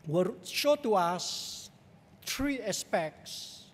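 A male pastor with a Singaporean accent, preaching in a measured, emphatic, rhetorical way in a church. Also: high voice, animated. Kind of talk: sermon. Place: large church sanctuary. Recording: long church hall reverb.

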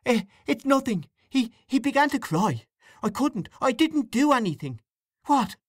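A man's voice: very high voice, very animated, measured pace, dry recording, studio quality, voice pushed up, full character voice. A man reading a story, voicing a timid young husband who stammers out excuses. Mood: stammering. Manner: stammering, flustered.

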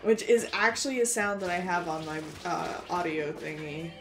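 Woman streamer, casual live-stream chat, lively, laughing, faint game music. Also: lowish voice, normal speed. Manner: animated, swearing, laughing, reading chat aloud.

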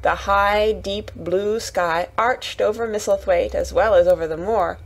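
A woman narrating a children's bedtime story in a calm, gentle reading voice. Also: mid-range voice, unhurried, low-quality recording.

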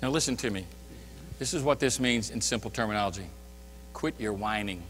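A man preaching a sermon as pastor, emphatic, swinging between loud declarations and hushed asides. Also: mid-range voice, fast, big-room sound, faint music behind. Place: church sanctuary.

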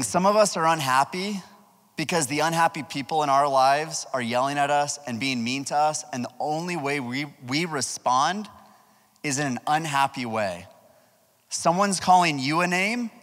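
Male youth pastor, upbeat storyteller, fairly high voice, long reverb of a church hall. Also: moderate pace. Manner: animated storytelling, asks the crowd questions. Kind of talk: youth sermon with personal story.

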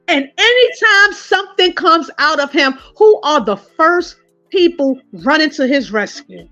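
A woman giving casual commentary, telling stories in a lively way and speaking directly to her viewers. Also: very high-pitched, measured pace, dry recording, lo-fi sound, soft background music. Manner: animated storytelling, addressing viewers as "y'all". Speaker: online commentator.

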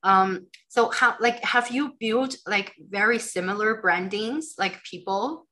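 Bright-voiced woman interviewer. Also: medium pitch, measured pace. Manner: hesitant, many fillers while framing questions. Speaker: interviewer, host. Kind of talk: livestream interview.

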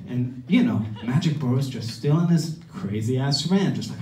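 A man telling a story on stage before a live audience in a loose, animated way, peppered with "right?" and "like", dropping into muttered voices when he quotes others. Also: mid-range voice, normal speed, recorded from a distance. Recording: roomy live venue, audience noise. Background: audience laughter.

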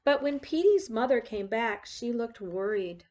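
A woman reading a picture book aloud in an expressive storyteller way, pointing out the pictures as she goes. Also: a little high, unhurried, lo-fi sound.

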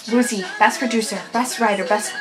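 A woman's voice: on the high side, steady tone, a little fast, low-quality recording. A young woman hosting a fan reaction video, gushing and squealing as she reacts, with faint music behind her. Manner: gushing, squealing, breathless fangirling. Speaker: YouTube reaction host. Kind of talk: excited fan reaction vlog.

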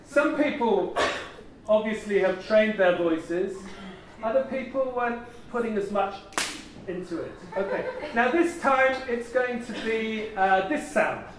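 Man, high voice, coaxing, theatrical, large echoey conference hall, distant mic. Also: unhurried, noisy background. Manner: energetic, coaxing, theatrical, laughs often. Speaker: plenary speaker leading a voice warm-up. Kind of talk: leading a group vocal exercise at a conference.

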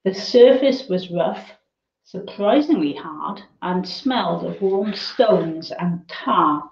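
Slow, low-voiced woman reading a story. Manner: measured, expressive storytelling. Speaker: reader. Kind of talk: reading a children's novel aloud. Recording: roomy, dull lo-fi sound.

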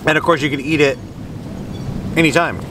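A man's voice: fairly high pitch, fairly even intonation, brisk. A man rambling casually through a food review with jokey asides, sitting outdoors by the water and filming on a hand-held camera. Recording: outdoor traffic and vehicle noise.

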